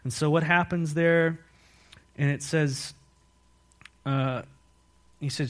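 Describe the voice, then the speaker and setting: A male pastor preaching a sermon, telling the story with lively rhetorical questions. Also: a little high, slow pace, long pauses.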